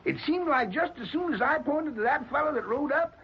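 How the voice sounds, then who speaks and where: An actor playing a slow-talking old male Civil War veteran in a 1940s radio drama, with a folksy drawl. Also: extremely high pitch, lively intonation. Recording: lo-fi hissy old radio recording.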